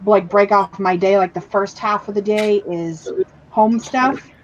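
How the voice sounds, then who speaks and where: A woman's voice: medium pitch, steady tone, a little slow, a little hiss or hum. A woman guest on a group call, talking things through at length with many fillers. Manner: thoughtful, rambling with "like" fillers. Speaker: guest in writing group stream. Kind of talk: casual chat. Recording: dull lo-fi call audio.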